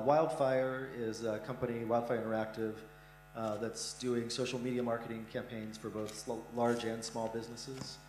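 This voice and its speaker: Middle-aged man, investor on a conference stage, blunt and frank, lowish voice, full of "uh"s, echoey hall with hum. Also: darkish tone. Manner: blunt, frank, many "uh" fillers. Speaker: investor, startup fund founder. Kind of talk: conference interview answers.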